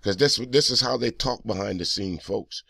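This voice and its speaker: Gravelly man in an angry profane rant. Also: lowish voice, moderate pace, bright, forceful tone, no room sound, studio quality. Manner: heated, profane, accusing rant. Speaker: video host reacting to a clip. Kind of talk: angry reaction commentary.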